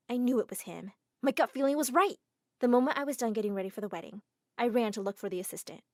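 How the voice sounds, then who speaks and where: A woman narrating a first-person animated drama story in a dramatic, exclaiming manner. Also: fairly high pitch, no echo, clean studio sound. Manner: dramatic, exclaiming, quick shifts to emotional outbursts.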